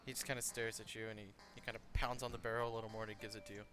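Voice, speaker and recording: A man's voice: on the low side, flat delivery, racing, music in the background. A man narrating a tabletop game as game master, talking casually with frequent fillers and restarts.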